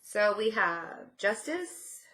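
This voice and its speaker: A woman's voice: medium pitch, very animated, slow pace, bright, forceful tone. A young woman giving a casual tarot reading, chatty and a little sarcastic, with frequent fillers and light laughs. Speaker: tarot reader.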